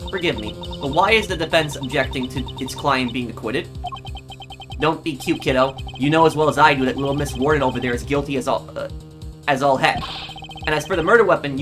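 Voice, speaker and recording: A man's voice: a little high, fairly bright tone, lightly acted. A laid-back male lawyer who tosses off slang and nicknames, as a man reads him, loose and folksy. Game music sits under the voice. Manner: folksy, wisecracking, drawling. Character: breezy slangy male defense attorney.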